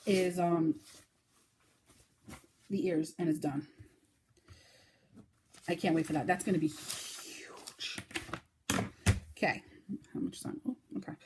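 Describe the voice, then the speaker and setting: Host, woman, lowish voice, chatty crafting podcast talk, faint hiss behind. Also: darkish tone. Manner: chatty, fast-talking, with fillers and sudden high baby-talk bursts. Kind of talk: casual crochet podcast chat.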